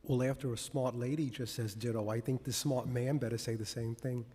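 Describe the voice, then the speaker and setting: Husky-voiced man speaking in a hall. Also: medium pitch, steady tone, brisk, dark tone. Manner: chatty, self-deprecating, hesitant fillers. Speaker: commission member, former council member. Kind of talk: formal remarks at a public meeting. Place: public meeting in a city hall chamber. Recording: long reverb in a large chamber.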